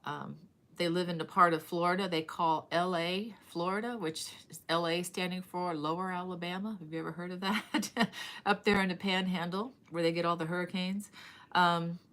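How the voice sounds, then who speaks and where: A woman's voice: on the low side, fairly even intonation, normal speed, a bit bright. A middle-aged woman hosting a casual live stream, chatting in a rambling way and greeting viewers by name. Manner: chatty and rambling, reading viewer comments aloud; many fillers and restarts. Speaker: crochet channel host.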